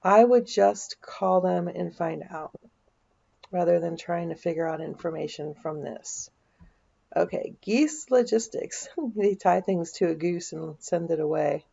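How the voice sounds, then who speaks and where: A woman's voice: lowish voice, unhurried, gravelly, warm tone, dull audio. A woman vlogger, chatting casually as she walks through a search on her screen, thinking aloud with dry asides. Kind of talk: casual screen-share walkthrough.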